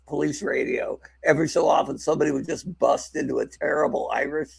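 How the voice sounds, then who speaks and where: A man co-hosting a podcast in casual chat, laughing often and breaking into loud impressions while telling stories. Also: on the high side, fairly quick, creaky, breathy edge. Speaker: podcast co-host.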